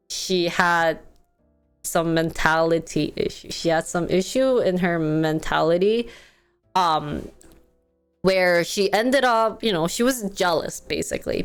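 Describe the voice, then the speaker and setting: A woman's voice: medium pitch, smooth. A woman hosting a talk show, telling a story casually with lots of fillers and acted-out quotes. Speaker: host.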